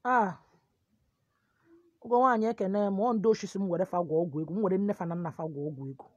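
Nigerian Igbo woman, husky higher voice, forceful preachy monologue in a dry close sound. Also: quick pace, dry recording, muffled recording. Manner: forceful, preachy, switching between pidgin and Igbo. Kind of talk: animated monologue.

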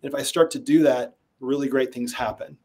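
A man's voice: medium pitch, brisk, slightly rough. A man being interviewed as a sales trainer, telling stories and acting out the people he quotes. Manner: animated storyteller who acts out quotes. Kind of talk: conversational interview storytelling.

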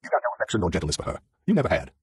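A man's voice: low voice, wildly swooping pitch, very fast, a little mellow, slightly rough, full character voice. A man reading an audiobook and voicing a toothless, self-pitying old farmer who speaks in a plaintive drawl.

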